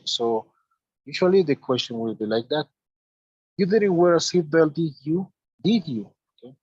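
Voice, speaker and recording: Male english teacher, husky voice, dry dull lo-fi call audio, explains step by step. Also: mid-range voice, a little mellow, dry recording. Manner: explaining step by step, with halting restarts. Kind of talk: online grammar lesson.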